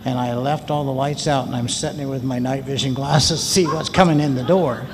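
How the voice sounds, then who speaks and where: A man tells his story to a conference crowd in a loose, folksy, chatty way. His voice sits at an average pitch and is picked up by a handheld mic. The big hall around him rings out long, with a faint hiss underneath. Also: fairly even intonation, brisk. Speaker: conference speaker. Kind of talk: storytelling talk. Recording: reverberant hall, faint noise.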